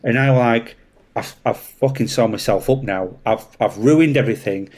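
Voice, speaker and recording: Man, Yorkshire accent, police officer, casual storytelling, animated, swears a lot. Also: mid-range voice, normal speed. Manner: animated, swears freely, acts out voices in anecdotes. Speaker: traffic police officer, guest.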